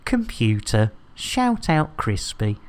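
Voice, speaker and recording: A woman hosting a live game stream, bawdy and giggly, getting flustered and stammering as she reads out shout-outs. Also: very deep voice, very animated, slow pace.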